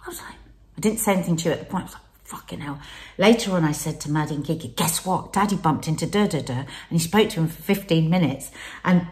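A woman with a slightly low voice talks candidly as co-host of a conversational show. She tells her story expressively, acting out the voices of the people she quotes. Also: quick pace, darkish tone. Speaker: podcast co-host. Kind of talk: candid conversation about mental health.

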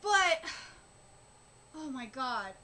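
A woman streamer reacting live, her voice very high and bright. She gushes emotionally and sounds close to tears. Her talk comes in halting bursts full of fillers and restarts. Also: sing-song, poor audio. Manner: emotional, gushing, on the verge of tears.

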